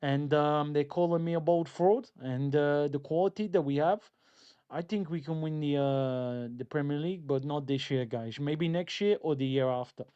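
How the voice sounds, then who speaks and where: A man impersonating a defensive middle-aged football manager with a put-on Dutch accent, halting and full of "um" and "uh". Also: fairly high pitch, dark tone, smooth, lo-fi sound, natural voice. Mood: deflecting. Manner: mumbling, halting, hedging.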